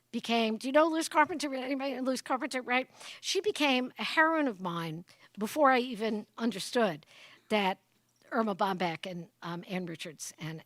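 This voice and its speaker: A woman with a fairly high voice delivers a funny speech, spinning comic stories and checking in with her listeners. She keeps tossing questions at the crowd and slips into exaggerated voices for the people she quotes. The sound is close and dry. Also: dry recording. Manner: comic storyteller, checks in with the audience. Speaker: guest speaker at an exhibit opening. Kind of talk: humorous public address.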